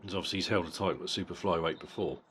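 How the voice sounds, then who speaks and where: Deep-voiced blunt man reviewing a boxing fight. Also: fairly even intonation, racing, fairly bright tone, a little hiss or hum. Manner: blunt and profane, with frequent repeated words. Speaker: boxing vlogger.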